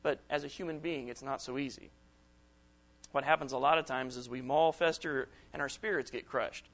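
A man's voice: mid-range voice, steady tone, moderate pace, fairly bright tone. A middle-aged man preaching a sermon to young people at a camp, in a conversational way, acting out the quoted texts and reactions he describes.

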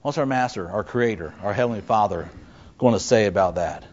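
A man's voice: fairly low pitch, brisk, a little mellow, lo-fi sound. A man preaching a sermon as a pastor, who often asks his listeners rhetorical questions and acts out the people he quotes.

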